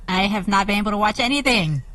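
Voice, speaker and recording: A woman's voice: medium pitch, lively intonation, quick pace, fairly bright tone, a little hiss or hum. A woman co-hosting a podcast, chatting casually, earnest and wry. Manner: earnest, wry, laughs easily. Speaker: podcast co-host. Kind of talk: casual chat.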